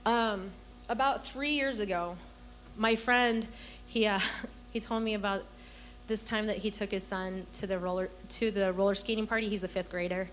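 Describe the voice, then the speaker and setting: She's a young adult woman with a mid-range, somewhat bright voice, fairly even intonation, and a normal pace, recorded with slight background noise. Giving an earnest personal testimony to a women's church gathering, she tells stories and acts out the voices in them.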